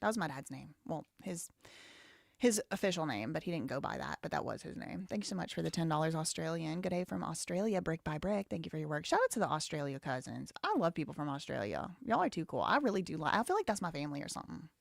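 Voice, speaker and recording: A woman's voice: big pitch swings, quick pace, vocal fry, no echo, clean studio sound. A woman from the Southern US hosting a live stream, reading super chats and giving blunt, outspoken commentary. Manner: blunt, outspoken, rising loud and high when heated. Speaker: livestream host.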